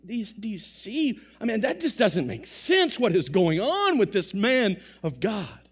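A man preaching a sermon to a congregation in a church, talking with rising bursts and quick asides. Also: sits high, wildly swooping pitch, husky, highs cut off. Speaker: pastor. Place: church sanctuary.

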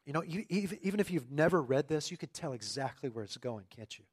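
Emphatic male preacher, fairly high voice. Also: lively intonation, fast, slightly rough. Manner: emphatic, swings from loud declarations to quiet asides; repeats and restarts phrases. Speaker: pastor. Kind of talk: sermon.

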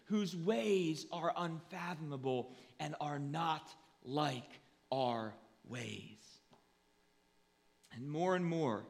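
A man preaching as pastor, slow and deliberate, his fairly high voice climbing to forceful peaks and then falling hushed. The long reverb of a church sanctuary trails every phrase. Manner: earnest preaching, rising to emphatic peaks then dropping low. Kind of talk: sermon.

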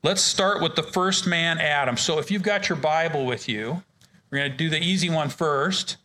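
A man's voice: fairly high pitch, normal speed, bright, forceful tone. A man leading a men's ministry Bible study in a casual, joking way, often restarting his sentences. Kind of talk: informal Bible study teaching.

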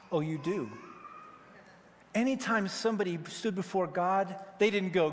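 A man delivers a sermon in a high, bright register, and his words trail off into a long hall reverb. He is from Wyoming, jokes with the congregation and jumps into animated impressions of the people he quotes. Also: moderate pace. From Wyoming, United States. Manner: animated, joking, acts out quoted voices. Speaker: pastor.

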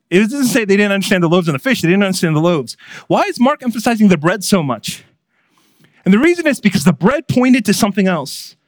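A man preaching in a fairly high voice, earnest and pastoral, dropping to a hush and then rising with emphasis. The sound is dry and close, with little room echo. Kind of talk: sermon.

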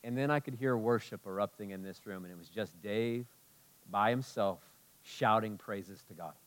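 A man preaching a sermon as a pastor, impassioned, moving between loud emphasis and hushed tenderness. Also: lowish voice, normal speed.

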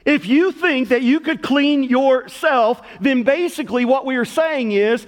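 A middle-aged man preaching as pastor to a congregation in a church, swinging between loud calls and hushed words. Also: very high voice, a little slow, few pauses. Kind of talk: sermon. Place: church sanctuary. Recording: long hall reverb.

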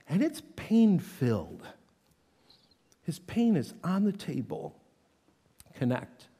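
A high-voiced male pastor whose pitch swings widely as he preaches. His words ring out with a long reverb through a large church sanctuary. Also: wildly swooping pitch, slow pace, long pauses, darkish tone, husky. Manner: reads scripture aloud with dramatic intensity. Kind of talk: sermon.

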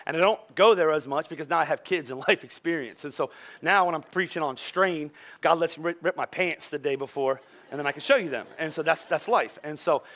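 A male pastor preaching a sermon, telling stories in an animated way with frequent restarts. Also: fairly high pitch.

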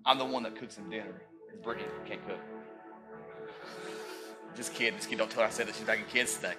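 A man in his thirties preaching a sermon as pastor, rising to loud peaks and dropping into joking asides. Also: fairly low pitch, quick pace, music in the background.

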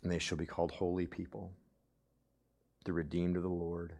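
Young guy preaching, gets loud then drops way down quiet, keeps asking "right?". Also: deep voice, flat delivery, moderate pace. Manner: swings from loud emphatic passages to hushed near-whispers; conversational, with frequent "right?" asides. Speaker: pastor. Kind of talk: sermon.

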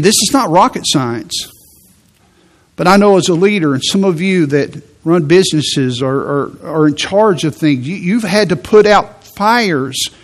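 A man preaching a sermon in a conversational way, repeating words and slowing down for emphasis. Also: high-pitched. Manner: conversational preaching with repetitions and slow emphatic phrases. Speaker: pastor.

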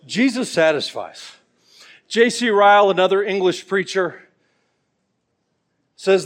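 A man's voice: high-pitched, animated, takes it slowly, pauses often. A middle-aged man preaching a sermon, earnest and pleading, telling stories along the way. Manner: earnest and pleading, with storytelling asides.

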